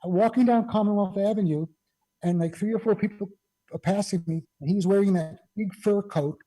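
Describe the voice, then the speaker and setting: A man's voice: sits high, fairly quick, dark tone, rough recording. A man, a guest musician, chatting casually over a video call and telling rambling anecdotes full of "you know".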